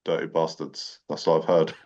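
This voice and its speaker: A man with a very low voice drops wry, deadpan asides in a film chat. His audio sounds dull and muffled, as if the mic were recording lo-fi. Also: moderate pace.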